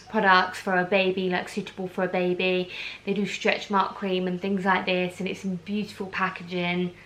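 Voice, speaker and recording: A woman's voice: medium pitch, a bit bright, low-quality recording. A pregnant young woman from the UK, hosting a charity giveaway on her vlog, gushing with enthusiasm and filling her talk with "um" and "like". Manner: gushing, enthusiastic, lots of fillers like "um" and "like". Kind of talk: casual chatty vlog.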